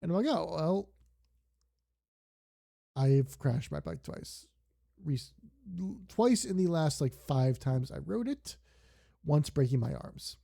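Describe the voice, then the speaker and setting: A man's voice: on the high side, expressive, takes it slowly, gravelly, pauses often, warm tone. A young man streaming a game, chatting casually and drifting off into long digressive stories. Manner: rambling, digressive storytelling. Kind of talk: casual stream chat while gaming.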